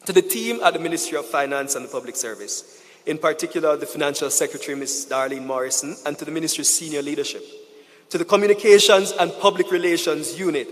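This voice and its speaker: A man speaks from a podium in a large conference hall, his slightly high voice carried by the PA and trailing a long echo. He is measured and emphatic, thanking partners one by one before a rallying closing charge. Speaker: conference speaker, head of a government office. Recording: reverberant hall through the PA.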